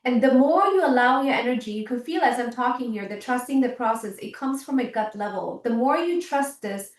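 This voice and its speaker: A woman's voice: fairly high pitch, expressive, fairly quick. A woman chiropractor leading a workshop, talking earnestly and often checking in with her listeners. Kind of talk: workshop teaching talk. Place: indoor workshop room. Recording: roomy sound, mic at a distance.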